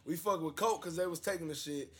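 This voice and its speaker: A young man with a high, bright voice tells a story among friends in loose, profane talk. He is animated, laughs through his lines and acts out the people he quotes. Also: fast talker, husky.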